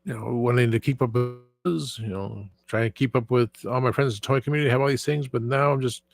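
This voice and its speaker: A man's voice: medium pitch, steady tone, fast talker. A man hosting a casual live stream, rambling with many fillers and restarts while answering viewer chat. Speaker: livestream host.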